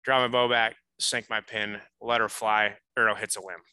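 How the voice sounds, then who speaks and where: Guy chatting on a podcast, very bright punchy voice, lots of "like"s, dry close sound. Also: fairly low pitch, normal speed, clear, resonant tone, no echo, low-quality recording. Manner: animated, lots of "like" fillers. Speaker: podcast guest. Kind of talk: casual storytelling.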